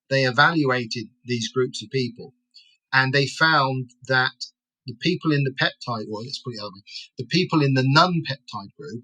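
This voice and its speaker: A man's voice: medium pitch, bright, forceful tone, rough recording. A man being interviewed as an expert guest, explaining in a lecturing way and tagging his points with "right?" and "okay?".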